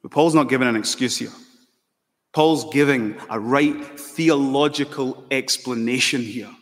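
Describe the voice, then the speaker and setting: Male pastor, mid pitch, earnest sermon delivery, long church reverb. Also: a little slow. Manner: earnest preaching with rhetorical questions.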